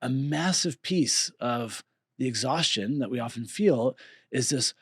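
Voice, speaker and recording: Man, church teaching team, reflective chat, animated, mid-range voice, dry sound. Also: mid-range voice, measured pace, husky, no echo. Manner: thoughtful, animated, talks things through aloud. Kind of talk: reflective casual discussion.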